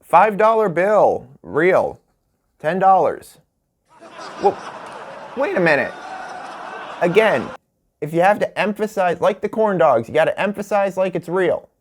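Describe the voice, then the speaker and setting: A man's voice: high-pitched, sing-song, unhurried, long pauses. A man hosting a comedic home-made late-night talk show, joking through product listings and laughing at his own bits. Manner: jokey, laughs at his own bits, stretches words for emphasis. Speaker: host.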